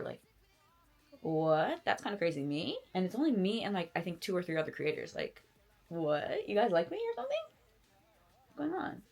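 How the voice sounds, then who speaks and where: A woman in her twenties rambling casually while doing her makeup at home, self-deprecating and animated. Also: low-pitched. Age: 20s. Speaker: beauty content creator. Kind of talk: casual get-ready-with-me chat.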